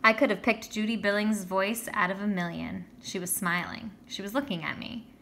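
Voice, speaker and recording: A woman narrating a children's story in the first person with a lively, expressive reading. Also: mid-range voice, normal speed, creaky, a little hiss or hum. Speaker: audiobook reader.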